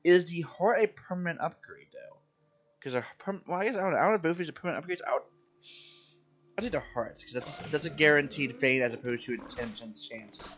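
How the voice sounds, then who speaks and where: A man's voice: a little high, lively intonation, fast, fairly bright tone. A man from Maryland chatting casually with his viewers while streaming a game, rambling and self-deprecating. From Maryland, USA. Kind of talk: casual live-stream chat while playing.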